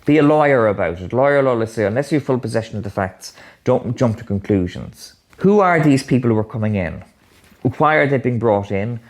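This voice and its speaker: A man's voice: mid-range voice, animated, a little fast. A man in a documentary interview, insistent and questioning. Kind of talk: conversation.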